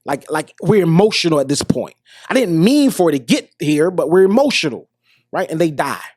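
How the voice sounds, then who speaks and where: A man's voice: a little high, sing-song, normal speed, a little mellow, dry recording, clean studio sound. A middle-aged man hosting a podcast, giving earnest motivational advice straight to listeners, often restarting his sentences. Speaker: podcast host. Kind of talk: motivational monologue.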